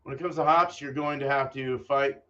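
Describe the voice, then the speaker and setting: A man's voice: mid-range voice, fairly even intonation, normal speed, sharp tone. A man hosting a homebrewing vlog, thinking aloud in a casual, distracted way and swearing offhandedly. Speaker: homebrewer and channel host. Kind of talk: casual rambling vlog talk. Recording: dull lo-fi audio from a distance.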